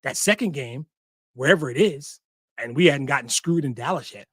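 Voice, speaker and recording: A man's voice: medium pitch, expressive, moderate pace, a bit bright, slightly rough, no echo, studio quality. A man hosting a sports podcast, talking emphatically and repeating short punchy lines, with an occasional curse. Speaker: podcast host. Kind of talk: passionate sports talk.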